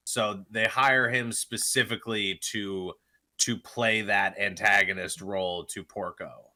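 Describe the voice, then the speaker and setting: A man's voice: fairly low pitch, steady tone, unhurried, bright, forceful tone. A young man co-hosting a movie podcast, recapping the plot casually with lots of fillers. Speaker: podcast co-host.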